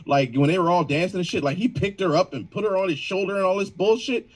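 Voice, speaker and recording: A man's voice: high-pitched, fast talker, low-quality recording. A man telling wild work stories on a video call in casual slang, mimicking people he talks about. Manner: animated, slangy, mimics people in exaggerated voices. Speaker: band member.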